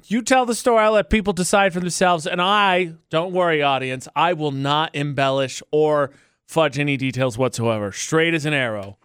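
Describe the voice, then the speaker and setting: A man's voice: a little high, moderate pace, fairly bright tone, clear, resonant tone, dry recording, studio quality. A man co-hosting a morning radio show with wry, teasing banter. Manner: wry, teasing, mock-serious. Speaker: radio co-host.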